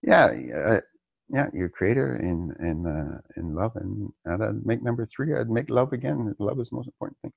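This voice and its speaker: A man's voice: lowish voice, normal speed, creaky, husky, no room sound, lo-fi sound. A man answering interview questions casually, reflective and hesitant, chuckling now and then. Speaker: interview guest.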